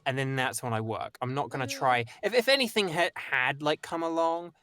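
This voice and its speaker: A man's voice: on the high side, a little fast, sharp tone, no echo. Chatty young Northern English man. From England. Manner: rambling, many restarts and "like". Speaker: voice actor guest. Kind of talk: casual conversation.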